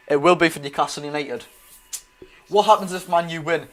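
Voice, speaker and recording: A young man with a Geordie accent hosting a live football watch-along, chatty and excitable, reading viewer comments aloud. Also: on the high side, brisk. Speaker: streamer and host.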